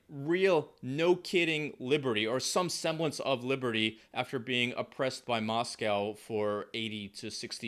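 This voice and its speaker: American man, casual commentary, conversational, emphatic repetition, mid-pitched voice. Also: a bit bright. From United States. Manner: conversational, frequent fillers and restarts, emphatic repetition. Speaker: political commentary vlogger.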